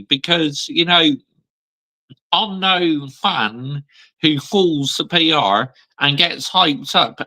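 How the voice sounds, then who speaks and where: Gravelly man ranting about football. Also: a little high, sharp tone, rough recording. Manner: blunt, emphatic, repeats "yeah?" and "mate". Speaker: football channel host. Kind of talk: ranting fan vlog.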